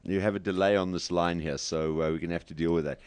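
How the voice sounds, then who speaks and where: A man's voice: low-pitched, steady tone, quick pace, a little mellow, clean tone, no echo. Teasing, laughing male radio host. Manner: joking, teasing, laughs often. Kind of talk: casual interview over video call.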